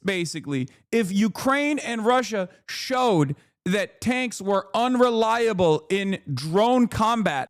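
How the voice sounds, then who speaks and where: High-voiced man ranting on a stream. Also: dry recording, clean studio sound. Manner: profane, excitable rant; shouts in disbelief. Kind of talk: live-stream commentary.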